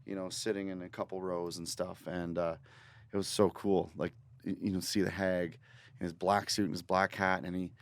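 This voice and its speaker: A man from Northern Ontario telling a long story as a guest musician in a podcast studio, rambling and energetic, with restarts and the odd swear word. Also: deep voice, normal speed, no room sound. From Northern Ontario, Canada. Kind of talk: casual interview storytelling.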